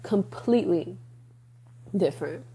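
A woman's voice: on the low side, expressive, unhurried, mellow, husky. A woman hosting a podcast, talking casually about faith in a rambling way, laughing often and correcting herself. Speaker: podcast host.

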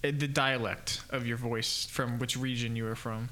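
A man's voice: mid-range voice, flat delivery, moderate pace, bright, forceful tone. A man on a podcast, defending himself in a flustered way and tripping over repeated words. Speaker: podcast co-host. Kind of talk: casual chat.

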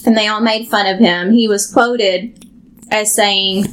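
A woman's voice: mid-range voice, steady tone, measured pace, fairly bright tone, rough recording. A woman co-hosting a history podcast, speaking casually with dry, teasing humor. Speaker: podcast co-host.

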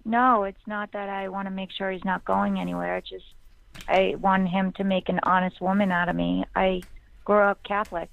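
A woman's voice: medium pitch, flat delivery, normal speed, creaky, phone-quality sound. Boston woman calling in, chatty and candid. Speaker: caller. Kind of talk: casual chat.

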